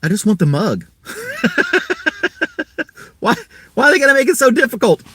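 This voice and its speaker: A man's voice: very high-pitched, wildly swooping pitch, normal speed, a bit bright, breathy edge, no room sound. A man hosting a casual live stream, rambling in an easygoing way and chuckling often.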